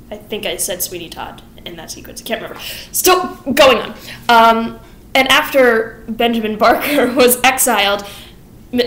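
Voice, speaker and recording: Excited young woman rushing through a plot. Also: mid-range voice, reverberant, a little hiss or hum. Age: young adult. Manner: excited, rushed, rambling with fillers and laughs. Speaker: theater student vlogger. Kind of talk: fast plot recap vlog.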